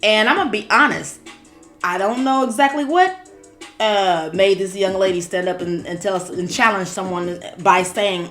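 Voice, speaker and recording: A woman's voice: medium pitch, moderate pace. Chatty woman commenting over faint music. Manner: chatty, animated, playful asides. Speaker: tarot reader and show commentator. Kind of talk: casual chat.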